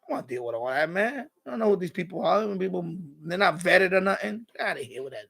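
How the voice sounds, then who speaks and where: A man rants through a casual live stream in a high, gravelly voice. He rambles and repeats himself in streetwise slang. He slips into other people's lines as he retells what they said. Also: big pitch swings, fast, bright, forceful tone. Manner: acts out quoted exchanges. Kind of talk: casual ranting commentary.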